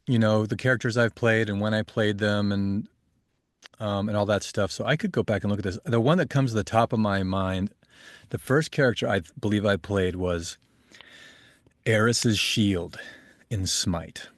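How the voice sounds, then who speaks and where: Low-voiced man in dry home studio. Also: normal speed, dry recording. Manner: relaxed, rambling, laughs easily. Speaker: voice actor guest. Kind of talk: casual interview chat. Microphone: home studio mic.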